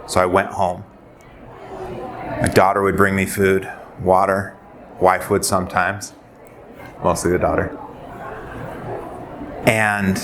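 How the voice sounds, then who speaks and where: A man in his forties, a nurse, telling an earnest personal story in a presentation and quoting dialogue as he goes. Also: low voice. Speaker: nurse and suicide prevention speaker. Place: presentation venue. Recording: noisy live presentation audio.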